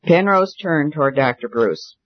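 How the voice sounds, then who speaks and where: A man reading a novel aloud in a steady, earnest manner. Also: on the high side, unhurried. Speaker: audiobook narrator. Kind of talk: scripted narration. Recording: dull dry recording.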